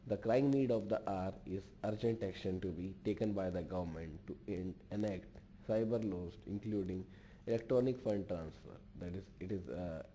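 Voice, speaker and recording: A man's voice: deep voice, moderate pace, mellow. A man giving an online business lecture in a formal way, restating each point in other words. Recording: dull lo-fi recording with faint noise.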